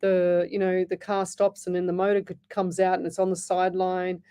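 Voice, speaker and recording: A middle-aged Australian woman with a lowish, mellow voice hosts a live radio call-in show as a psychic medium. She talks in a loose, chatty way, reading listener messages aloud and doubling back on her own words. She calls her listeners "lovey.". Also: monotone, brisk, smooth.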